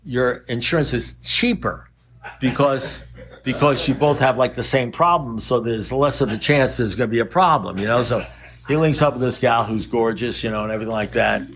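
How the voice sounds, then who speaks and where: Older man, gravelly voice, recovery meeting speaker, rambling wry anecdotes, blunt. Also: mid-range voice, moderate pace, a bit bright.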